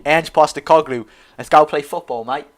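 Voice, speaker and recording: A man voicing a cheery, stereotyped Australian bloke in a loud, broad mock Australian accent. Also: fairly high pitch, moderate pace, lightly acted. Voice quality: loud, broad mocking drawl.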